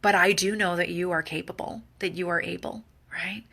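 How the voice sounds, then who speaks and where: Middle-aged woman, fervent motivational team leader, gravelly edge and bright tone. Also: on the low side, steady tone, normal speed, few pauses. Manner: fervent, pleading, repetitive pep talk. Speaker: network marketing team leader. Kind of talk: motivational training talk.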